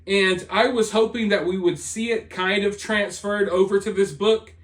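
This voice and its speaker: A man's voice: high voice, steady tone, moderate pace. A man hosting a commentary channel, delivering a sarcastic, dismissive and rambling opinion monologue.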